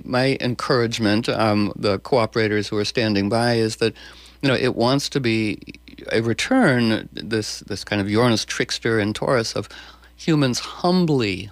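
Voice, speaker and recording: A male host talking in an excitable, stumbling way, full of restarts. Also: fairly low pitch, dry recording. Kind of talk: conversational interview.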